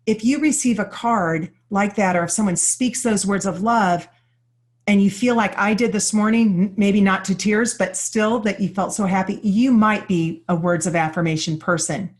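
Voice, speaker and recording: A woman giving a live workshop talk to an audience, earnest and openly personal, explaining ideas with many everyday examples. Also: mid-range voice. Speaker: workshop presenter.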